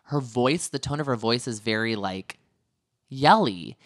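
A man's voice: mid-range voice, expressive, a little slow, dry recording, studio quality. A man co-hosting a podcast, chatting casually and gossiping animatedly, with many fillers. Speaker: podcast co-host. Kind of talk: casual reality-TV recap chat.

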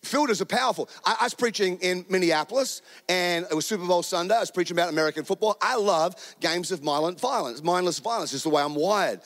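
A middle-aged Australian man preaching a sermon as a guest speaker, an animated storyteller who jokes and throws in quick asides. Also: high voice.

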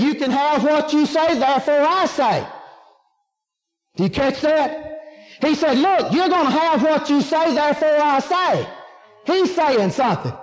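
Preacher guy, real high voice, stretches out words, hall echo all around. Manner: emphatic, asks and answers his own questions, drawls key words. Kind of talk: sermon. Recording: long hall reverb.

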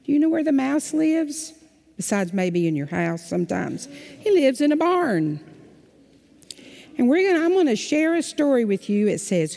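A woman telling a story at a children's sermon in a church, asking the children lively, coaxing questions. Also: high voice, measured pace, gravelly. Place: church sanctuary. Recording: long hall reverb.

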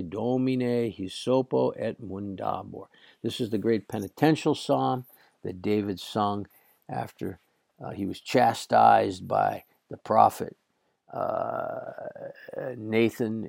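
A hoarse man gives a slow Latin lesson in a low, gravelly voice. He works through each phrase bit by bit, pausing often on fillers. The sound is dry and close. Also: a little mellow, no room sound. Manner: halting, many "uh" fillers, translating line by line. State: hoarse, cracking voice. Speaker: Latin teacher.

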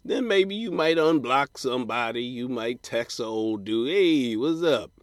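A man's voice: medium pitch, normal speed, dry recording, clean studio sound. A man hosting a podcast, giving blunt, profane dating advice in a comedic solo rant and mocking people in put-on voices. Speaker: podcast host.

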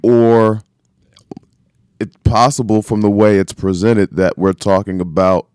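A man co-hosting a casual sports talk show, making his points slowly and deliberately. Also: on the low side, level tone, darkish tone, smooth, no echo, studio quality. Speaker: podcast co-host.

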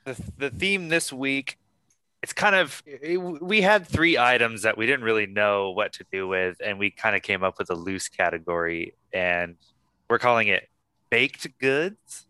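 A man's voice: lowish voice, normal speed, bright, forceful tone, clean tone, dry recording. A man hosting a casual podcast chat, rambling and swearing freely as he talks. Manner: chatty, profane, rambling asides. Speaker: podcast host.

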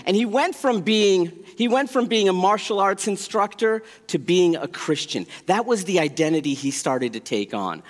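A man preaching a sermon and telling personal stories, swinging between loud bursts and quiet asides. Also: high-pitched, expressive, normal speed, few pauses. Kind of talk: sermon storytelling. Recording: long hall reverb.

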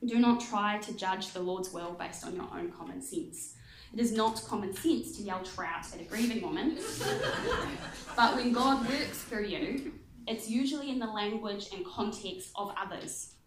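A woman tells a humorous testimony as a sermon. Her delivery is animated and full of laughter, and her voice sits in a mid register. It echoes through the room over steady background noise. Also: mid-range voice, a little slow. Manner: animated storytelling, laughs often. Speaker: guest speaker.

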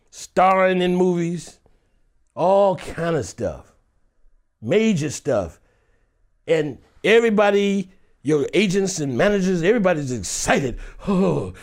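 Animated, laughing middle-aged actor. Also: male voice, high voice, slow. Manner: animated, laughing, acts out quoted voices. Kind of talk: interview answer, storytelling.

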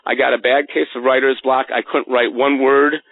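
A man telling a personal story as a guest in an interview, earnest and animated, often stumbling over repeated words, heard over a tinny phone line. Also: mid-range voice, normal speed. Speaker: guest author.

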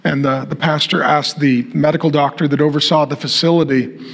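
A man preaching a sermon as pastor, using repetitive rhetorical lines that build to emphatic declarations, and dropping soft and slow on solemn phrases. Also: a little high, fairly even intonation, creaky.

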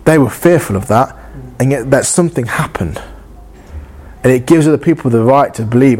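A man's voice: mid-range voice, brisk, darkish tone. A man preaching a sermon in an earnest, conversational way, often acting out inner dialogue and repeating phrases.

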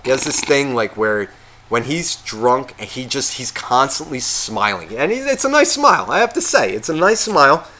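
A man of medium pitch and moderate pace recounts a long story casually on a podcast he co-hosts. Constant swearing and lively impressions of what each person said run through his telling.

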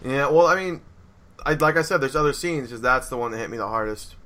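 A man's voice: mid-range voice, lively intonation, fast talker, bright, forceful tone. A young man hosting a casual chat, rambling with lots of fillers and acted-out quotes.

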